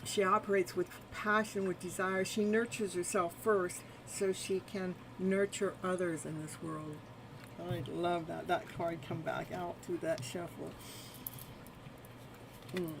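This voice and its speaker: A woman's voice: fairly low pitch, flat delivery, a little slow, vocal fry, noisy background. A woman hosting a live tarot stream, repeating soothing spiritual phrases and chatting with viewers between cards. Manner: laughs often and chats with viewers.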